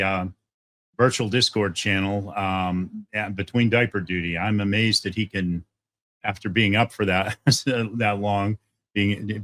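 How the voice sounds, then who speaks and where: Low-voiced host with halting fillers. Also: male voice, fairly bright tone, no echo. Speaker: event host. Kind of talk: casual wrap-up remarks.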